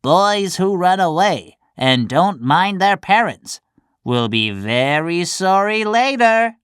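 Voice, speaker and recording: A woman voicing a hundred-year-old talking cricket who lectures slowly and sternly. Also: fairly low pitch, big pitch swings, clear, resonant tone, no room sound, studio quality, voice pushed up. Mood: scolding. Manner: slow, scolding and lecturing.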